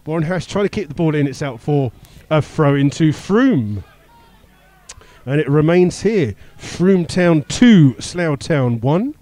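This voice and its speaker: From a stadium commentary position, a man gives live radio play-by-play of a football match, with the odd filler and chuckle. His voice is on the high side, animated, unhurried, and mellow, with no echo.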